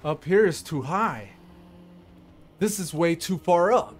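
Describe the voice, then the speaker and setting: A man's voice: sits high, lively intonation, slow pace. A man giving casual, rambling commentary while playing a game, laughing often and talking to himself. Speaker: gameplay streamer.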